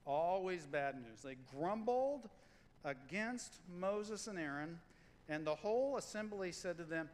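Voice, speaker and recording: Animated pastor preaching in a reverberant church. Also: male voice, high-pitched. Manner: conversational, animated, acts out quotes. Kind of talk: sermon.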